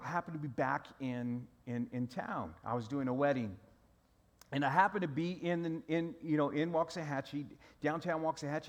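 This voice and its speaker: A middle-aged man, preaching a sermon in a loose storytelling way, often restarting his sentences. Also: on the high side. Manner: conversational storytelling with repeated restarts. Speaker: pastor.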